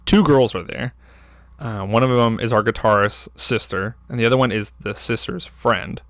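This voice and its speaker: A man's voice: fairly low pitch, measured pace, a bit bright, no echo. A young man co-hosting a podcast, telling a story in a loose, rambling way with lots of fillers and swearing. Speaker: podcast co-host. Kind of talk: casual storytelling.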